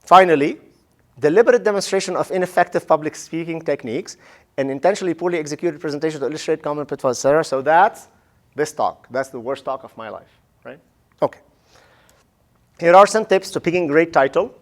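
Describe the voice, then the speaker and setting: A male professor giving a casual, animated lecture on public speaking. He often asks "right?" and acts out the listeners' reactions. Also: a little high, quick pace. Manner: casual, says "man" and "right?".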